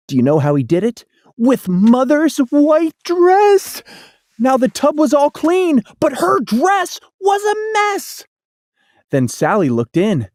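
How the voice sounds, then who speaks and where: A storybook narrator with a lively, sing-song voice that rises and falls widely through the rhymes. The pace is slow and deliberate. The sound is close and dry. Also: high voice, no echo. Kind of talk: storybook read-aloud.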